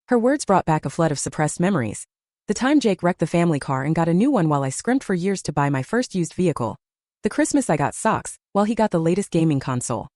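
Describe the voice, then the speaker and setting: Lively, mellow-voiced woman storyteller. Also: fairly low pitch, fast, no echo, clean studio sound. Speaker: story narrator. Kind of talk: scripted first-person story narration.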